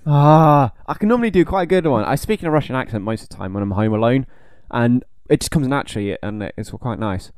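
Man, podcast co-host, rambly, playful, animated pitch, dry close mic. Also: quick pace, few pauses, clear, resonant tone, dry recording. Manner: rambly, playful, self-mocking. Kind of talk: casual film podcast chat.

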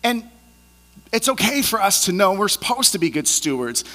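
Bright-voiced man preaching in a reverberant hall. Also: high-pitched, moderate pace. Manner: animated storyteller acting out scenes. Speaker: pastor. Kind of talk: conversational sermon.

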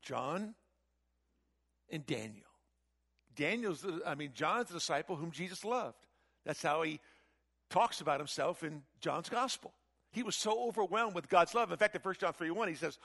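A man preaching a sermon, animated and emphatic, with frequent rhetorical questions. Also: fairly high pitch, moderate pace, pauses often.

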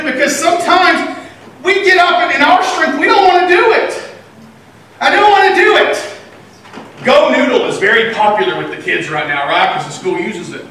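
High, bright-voiced preacher in an echoey hall. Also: male voice, a little fast, a little hiss or hum. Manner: animated preaching that swings between loud and quiet. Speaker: pastor. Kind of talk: sermon. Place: church sanctuary. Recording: echoey church hall from a distant mic.

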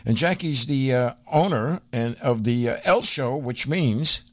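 A man's voice: mid-range voice, expressive, unhurried, no room sound. A man hosting an oldies radio show, chatting casually with many fillers.

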